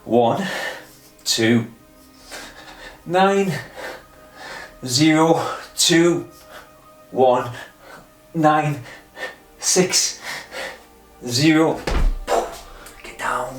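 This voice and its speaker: A man's voice: medium pitch, fairly bright tone, roomy sound. Breathless, self-mocking man counting reps. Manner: chuckling, self-mocking, talks to himself. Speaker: vlogger doing a memory and pull-up challenge. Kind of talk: casual self-talk while exercising.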